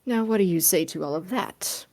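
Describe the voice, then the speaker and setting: A woman doing a sly, fanged woman in a tabletop role-play. She purrs her lines low and soft and stretches them out. The teasing stays even throughout. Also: normal speed, no echo, studio quality, lightly acted. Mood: coaxing.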